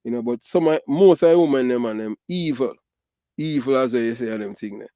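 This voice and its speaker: A man's voice: medium pitch, a little fast, warm tone, dry recording, studio quality. A middle-aged man from Jamaica with a Jamaican Patois accent, giving emphatic, repetitive commentary full of fillers. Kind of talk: casual ranting commentary.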